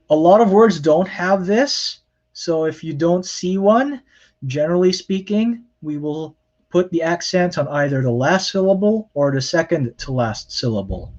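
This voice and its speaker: A man's voice: a little high, highs cut off. A man teaching a recorded lecture on grammar, explaining step by step, with many fillers and self-corrections. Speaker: Hebrew lecturer.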